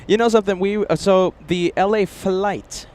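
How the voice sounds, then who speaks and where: Excitable man hosting live plane spotting. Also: high-pitched, normal speed. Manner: chatty and excitable, rambling, reads chat aloud. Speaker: plane-spotting livestream host. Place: outdoors near an airport runway.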